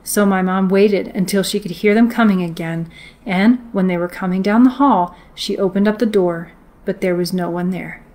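A woman reads a ghost story aloud to her live-stream viewers. Her delivery is steady and measured, the plain voice of a host sharing a book passage. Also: medium pitch.

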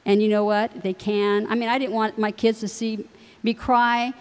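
Middle-aged woman speaker addressing parents, anecdotal and chatty, mid pitch, echoing auditorium. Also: level tone, normal speed, smooth. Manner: warm anecdotal delivery with laughs. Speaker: university president's wife speaking to families. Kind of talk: storytelling speech to parents. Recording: long hall reverb.

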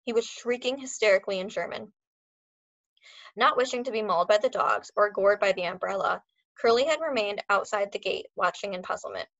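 A woman reading a novel chapter aloud as a teacher, expressive and acting out the characters. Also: mid-range voice, brisk, creaky, dry recording, muffled recording.

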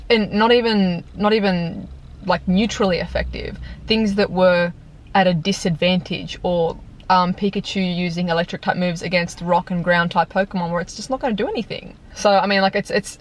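Chatty young woman reviewing a movie. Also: mid-range voice. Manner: chatty, animated, lots of fillers. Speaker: YouTube vlogger reviewing a film. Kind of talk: casual chat. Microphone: compact camera mic.

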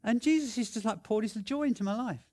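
A man telling stories in a sermon, animated and excitable, with lots of restarts and repeated words. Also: high-pitched, quick pace. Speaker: preacher. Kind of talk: sermon storytelling.

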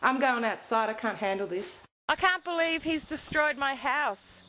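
Very high-pitched exasperated woman. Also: expressive, normal speed, bright, forceful tone, a little hiss or hum, rough recording. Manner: exclaiming, exasperated, scolding her dog. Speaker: dog owner filming her home. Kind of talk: casual home video. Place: house and garden, partly outdoors.

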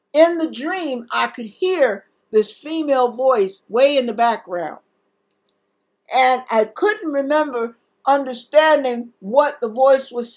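Slow-speaking earnest woman preacher. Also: a little high. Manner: emotional, tearful at times, earnest. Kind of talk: sermon-style teaching and testimony.

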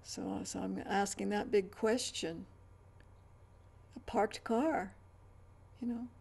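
Gravelly, mellow-voiced woman rambling casually. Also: mid-range voice, steady tone, slow pace. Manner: chatty, stammering restarts, trailing asides. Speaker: vlogger.

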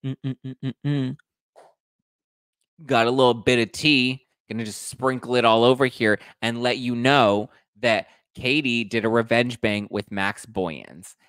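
A man's voice: mid-range voice, steady tone, unhurried, a bit bright, clean tone, no echo, clean studio sound, natural voice. A man imitating a sly, gossipy man who teases in a sing-song way. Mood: teasing.

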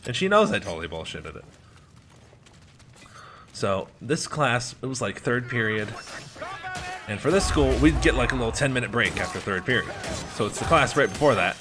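A man's voice: medium pitch, sing-song, moderate pace, long pauses, a bit bright, soft background music. A man from the United States telling a rambling, heavily profane story while he plays a game. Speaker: gaming channel host. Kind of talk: casual storytelling over gameplay.

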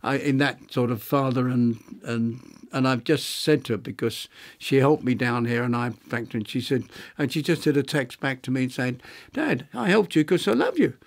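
Halting elderly man reminiscing. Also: mid-range voice, fairly even intonation. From London, England. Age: 90s; older. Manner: halting, reflective, many restarts and fillers. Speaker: interviewee, retired architect. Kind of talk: reminiscing interview.

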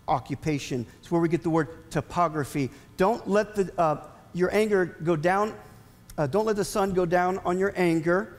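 A man preaching a sermon as pastor, animated with emphatic rising asides. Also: sits high, big-room sound.

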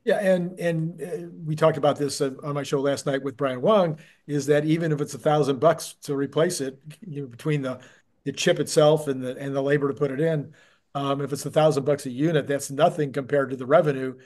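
A male host in a casual interview chat, hoarse and getting raspier, talking in a chatty way with many restarts. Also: fairly high pitch, steady tone, brisk, darkish tone. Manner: chatty, with frequent restarts and fillers.

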